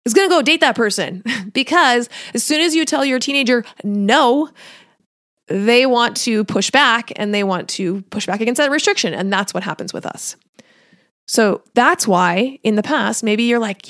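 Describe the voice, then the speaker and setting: A woman's voice: fairly high pitch, lively intonation, normal speed, fairly bright tone, dry recording, clean studio sound. A woman coaching on diet and nutrition in a casual solo podcast talk, conversational, often laughing lightly and acting out what her listeners might think. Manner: conversational, often acts out listeners' thoughts in quotes; laughs lightly while talking.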